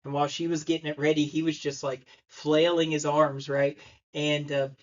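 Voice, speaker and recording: Preacher telling a lively story, lo-fi recording. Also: male voice, on the high side, moderate pace. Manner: storytelling, acts out the voices in his story. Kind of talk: sermon. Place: church.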